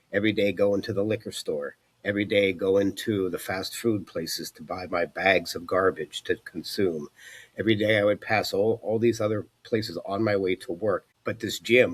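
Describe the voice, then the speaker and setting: A man in his forties recounts his life in an earnest, reflective tone, often pausing on "you know". His voice sits very low and has a husky, slightly rough edge. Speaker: fitness coach telling his story. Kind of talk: personal testimony.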